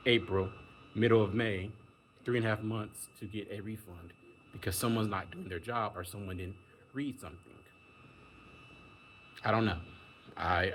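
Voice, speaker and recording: Man, lower voice, casual rant, exasperated, emphatic, faint background noise. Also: a bit bright. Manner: exasperated, emphatic, acts out quoted people. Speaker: vlogger.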